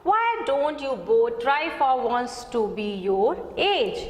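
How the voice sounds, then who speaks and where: A woman's voice: high voice, big pitch swings, a little slow. A woman teacher with an Indian English accent reading a stern, cold mother's lines in clipped retorts. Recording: echoey hall.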